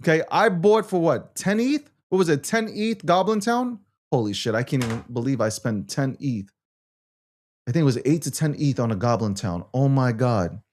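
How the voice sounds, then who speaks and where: A man's voice: medium pitch, lively intonation, moderate pace, a little mellow. A man hosting a casual market talk show, ranting in a profane, self-mocking way. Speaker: show host.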